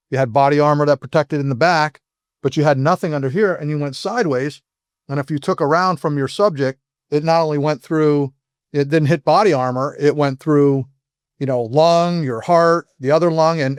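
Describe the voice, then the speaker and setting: A middle-aged man talks fast in a podcast interview, with frequent restarts and self-corrections. His voice sits a little high for a man. The recording is dry and close. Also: smooth, no echo. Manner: fast, rambling explanations full of restarts. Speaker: guest, former SWAT operator and FBI agent.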